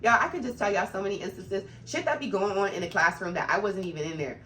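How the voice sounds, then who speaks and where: A woman's voice: medium pitch, fast talker, fairly bright tone, a little hiss or hum. A woman who works as an after-school program supervisor tells a work story straight to camera, getting heated, blunt and swearing freely as she vents.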